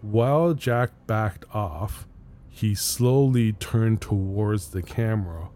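A man hosting a podcast, casually telling a spooky personal story with pauses, restarts and little laughs. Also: fairly low pitch, mellow, slight background noise. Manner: rambling, hesitant, laughs between lines.

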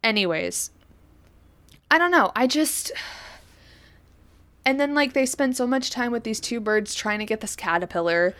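A woman's voice: a little high, expressive, a little slow, pauses often, fairly bright tone. A woman co-hosting a podcast, thinking aloud in a rambling way with lots of fillers. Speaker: podcast co-host. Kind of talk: casual podcast chat.

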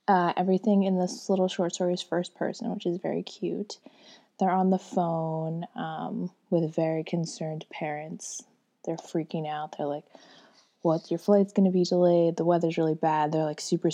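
Young woman rambling about a book, lots of likes and ums, mellow kinda low voice. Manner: rambling, chatty, many fillers. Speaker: book reviewer. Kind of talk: casual book chat.

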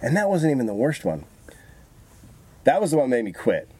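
A man in casual chat, telling profane, animated stories about his past work. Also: mid-range voice, brisk, slightly rough. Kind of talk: casual storytelling.

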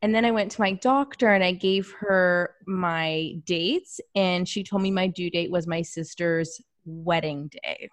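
A woman in her thirties telling a personal story in casual chat, animated and self-deprecating, laughing often. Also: fairly low pitch, measured pace, hardly any pauses, no echo.

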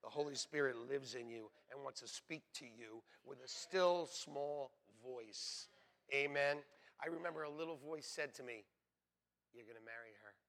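A man preaching a sermon as pastor, swinging between hushed, quiet passages and loud, shouted exclamations. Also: medium pitch, moderate pace.

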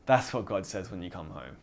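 A man's voice: deep voice, vocal fry, very noisy. A man preaching a sermon in a casual, conversational way, often acting out dialogue. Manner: conversational, animated, acts out dialogue.

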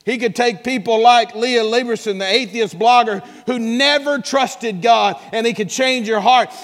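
A man preaching to his congregation in a notably high voice. He drops to soft asides, then climbs into shouted exclamations and calls for responses. The sound rings with a long reverb. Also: a little slow, hardly any pauses. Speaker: pastor. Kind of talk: sermon.

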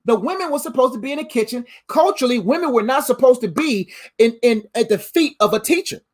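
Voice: mid-range voice, lively intonation, fast. A pastor giving a conversational livestreamed sermon, repeating key lines and adding playful asides.

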